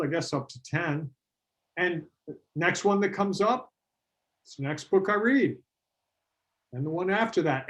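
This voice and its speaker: A middle-aged man leads a business workshop in a relaxed, talky way, with a voice pitched a little above the usual for men. He tells stories and slips into the voices of the clients he quotes. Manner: animated storytelling, acts out quoted clients. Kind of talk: conversational workshop talk.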